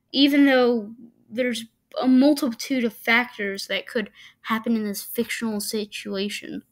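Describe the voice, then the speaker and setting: A woman giving casual reaction commentary to videos, arguing her points with frequent stops and restarts. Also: high-pitched. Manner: halting, argumentative, many restarts.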